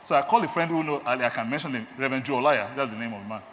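A man's voice: medium pitch, racing, a bit bright, a little hiss or hum. A man with a Nigerian accent preaching a sermon, emphatic and repeating his key phrases. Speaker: lay preacher and doctor. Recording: long hall reverb, faint ambience.

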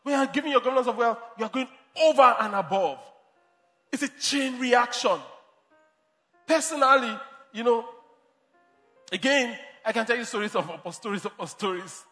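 A man's voice: extremely high pitch, expressive, moderate pace, pauses often, sharp tone, long reverb tail, faint music behind. A man preaching a sermon as pastor, emphatic, repeating and restarting phrases.

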